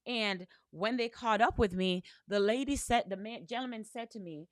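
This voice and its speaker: A woman's voice: medium pitch, normal speed, dry recording. A woman business coach giving an earnest motivational talk, telling stories with repeated "right?" and spiritual language. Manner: earnest, repetitive storytelling with frequent "right?"; uses faith and spiritual language.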